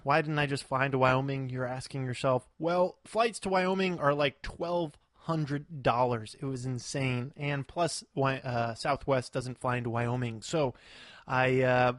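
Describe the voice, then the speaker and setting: A man's voice: medium pitch, dry recording, clean studio sound. A young man co-hosting a podcast, telling rambling travel stories in casual chat and laughing often. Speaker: podcast co-host.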